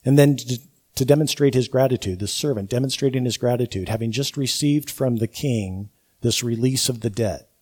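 A man delivers a sermon with a husky, mellow voice. He leans on key words and repeats them for emphasis, building each point step by step. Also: medium pitch, normal speed. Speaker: preacher.

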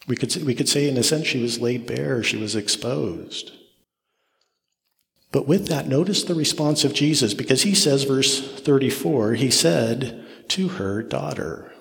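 Guy giving a sermon, mid pitch, big hall echo, keeps repeating words to drive it home. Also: creaky. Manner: expository, repeats phrases for emphasis, rising and falling intensity. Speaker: pastor. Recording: long reverb of a large hall.

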